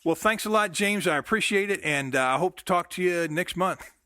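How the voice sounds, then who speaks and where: A man's voice: high voice, pushed and bright, no echo, studio quality. A middle-aged American man hosting a radio show, talking casually with frequent fillers and restarts. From United States. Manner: halting, with many fillers and restarts. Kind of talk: casual phone interview and show sign-off.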